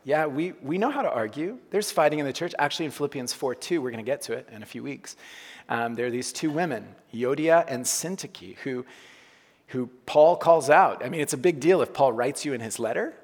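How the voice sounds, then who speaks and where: Guy preaching to a church, chatty and joking, gets loud to make a point, long hall echo. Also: medium pitch, expressive, fairly quick, breathy edge. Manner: conversational, jokey preaching with sudden loud emphasis. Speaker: pastor. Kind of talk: sermon.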